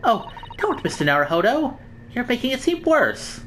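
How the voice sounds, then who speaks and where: A woman's voice: fairly high pitch, very animated, moderate pace, fairly bright tone, slight background noise, pitched above the performer's own voice. A woman voicing a polite, formal young female legal assistant in a game. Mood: worried. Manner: courteous, formal.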